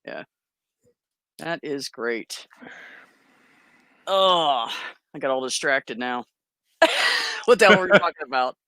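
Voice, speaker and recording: Bright, animated woman telling stories. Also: rumbling low, slow pace, pauses often, no room sound, clean studio sound. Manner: animated, acts out quoted voices, laughs often. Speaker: guest. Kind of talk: casual storytelling.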